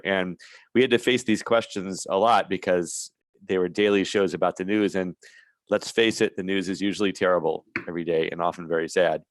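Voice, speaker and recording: Very low-voiced man, dry and thoughtful. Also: no echo. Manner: thoughtful, measured, slightly hesitant. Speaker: panel guest, former late-night comedy writer. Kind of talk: conversational panel discussion. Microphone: video call.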